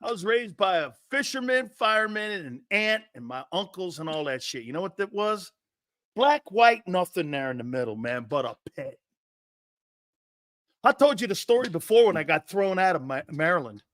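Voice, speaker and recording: A middle-aged man hosts a sports talk show with an animated monologue, brash and profane, telling stories and doing voices. His high-pitched, fairly bright voice swings widely in pitch at a normal speed, in a dry, studio-quality recording.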